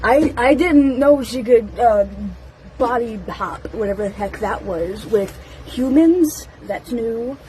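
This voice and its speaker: A young adult woman talking casually as a fan vlogger, rambling and excitable, with lots of fillers and giggles. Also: on the high side, slow pace, slight background noise, rough recording. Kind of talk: casual rambling first-impressions talk.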